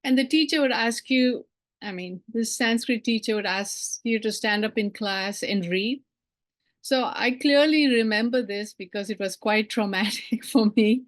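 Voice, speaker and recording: Middle-aged woman from India, keynote storyteller, animated, brings quoted voices to life, slightly high voice. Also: normal speed. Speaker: keynote speaker. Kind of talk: personal storytelling speech.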